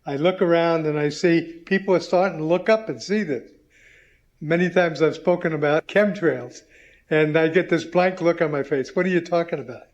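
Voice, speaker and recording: A man's voice: fairly high pitch, moderate pace, muffled recording. A man who is a pilot, earnestly recounting conversations.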